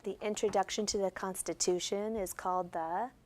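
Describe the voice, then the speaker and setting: A woman's voice: mid-range voice, steady tone, moderate pace, a little mellow. A woman teacher giving classroom instruction, guiding students step by step with patient questions. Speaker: special education teacher.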